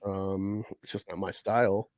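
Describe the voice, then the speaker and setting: Low-voiced guy rambling on a stream, lots of likes and you knows, dry close sound. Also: flat delivery, unhurried, darkish tone, dry recording. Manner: rambling, lots of fillers and restarts. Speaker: streamer host. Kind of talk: casual chat on a live stream.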